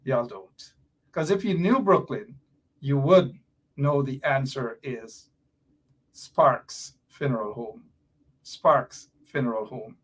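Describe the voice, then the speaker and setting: A man hosting a live-stream political commentary show, animated and repetitive, teasing his viewers. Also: mid-range voice, takes it slowly, husky. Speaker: show host.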